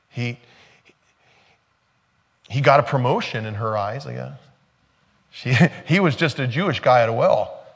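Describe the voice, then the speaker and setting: A man preaching a sermon in a relaxed, conversational way. His voice sits at an ordinary middle pitch. He slows down to stress points and breaks off into joking asides and laughter. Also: slightly rough, in a large hall. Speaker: pastor.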